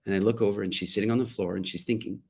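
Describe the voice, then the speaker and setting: A man's voice: fairly low pitch, steady tone, very fast, creaky, darkish tone, breathy edge. A middle-aged man speaking to parents, telling a family story and acting out the quotes. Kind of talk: talk to parents.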